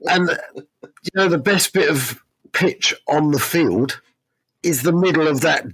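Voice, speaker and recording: A man's voice: fairly high pitch, unhurried, fairly bright tone, slightly rough, no echo. A man talking football on a podcast as a former player, opinionated and given to restarting his sentences. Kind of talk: casual football chat.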